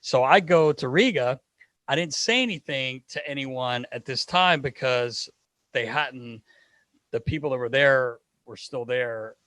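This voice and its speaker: A man, a hockey equipment manager, telling a lively story as a podcast guest. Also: mid-range voice, measured pace, no echo. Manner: lively anecdotal storyteller acting out dialogue. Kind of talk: casual storytelling in a podcast interview.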